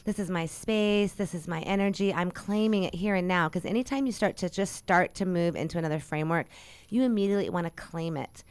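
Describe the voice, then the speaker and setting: A woman's voice: lowish voice, brisk, clean tone, dry recording. A middle-aged woman who coaches others, talking through breathing techniques and affirmations in a soothing, guiding way. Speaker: spiritual coach. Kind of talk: casual conversation.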